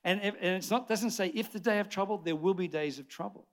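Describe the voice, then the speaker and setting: An Australian man in his sixties preaching a lively sermon to a church congregation, chatty and jokey, rambling with restarts. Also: high voice, quick pace. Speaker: pastor. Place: church service before a congregation.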